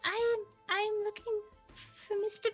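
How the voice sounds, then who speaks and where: A woman's voice: extremely high pitch, level tone, measured pace, soft background music, pitched above the performer's own voice. A woman voicing a timid, skinny young page boy who speaks shakily. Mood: nervous. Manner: shaky, hesitant.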